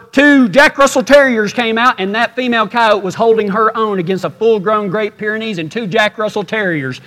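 A man preaches from a stage, telling a story in a folksy drawl. His voice sits fairly high and sinks to a near hush in the tender parts. The sound rings with the long reverb of a large hall. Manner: folksy drawl, drops to a hush at sad moments. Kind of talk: storytelling sermon. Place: stage before a live audience.

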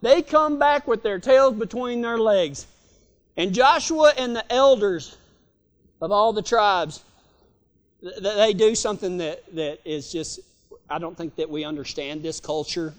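A man, preaching with a strikingly high voice. He talks in a folksy, storytelling way, often restarting his sentences. His voice rings with the long reverb of a large hall. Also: measured pace. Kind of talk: folksy sermon.

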